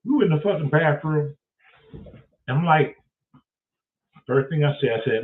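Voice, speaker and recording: Profane, animated man on a tinny line. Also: on the high side, moderate pace, pauses often. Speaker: show host. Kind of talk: casual storytelling monologue. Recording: tinny phone-like sound.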